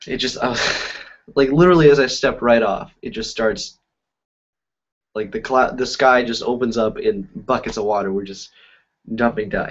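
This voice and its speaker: A man who is a magician, chatting casually on a live stream and telling rambling stories full of fillers. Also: mid-range voice. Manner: rambling, filler-heavy storytelling. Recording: dull lo-fi audio.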